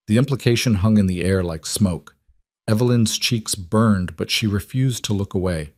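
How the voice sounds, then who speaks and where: A man giving scripted narration of a story in a measured, even way. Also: on the low side, no room sound, studio quality.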